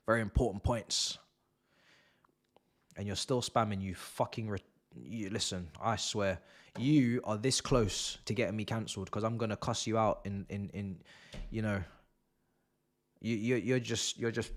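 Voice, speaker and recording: A young man hosting a live football watch-along, talking sarcastically and swinging between muttered asides and loud rants. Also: lowish voice.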